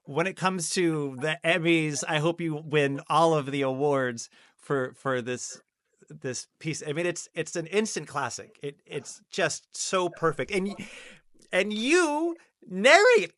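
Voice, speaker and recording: A man's voice: on the high side, fairly even intonation, measured pace, a bit bright, dry recording. A man hosting an interview show, enthusiastic and playful, teasing his guest with jokes. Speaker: podcast host. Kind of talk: casual interview chat.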